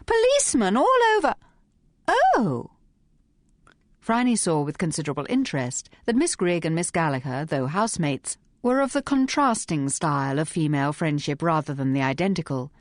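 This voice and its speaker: A woman narrating an audiobook in a measured, even reading voice. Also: low voice, no room sound, studio quality. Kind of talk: scripted narration.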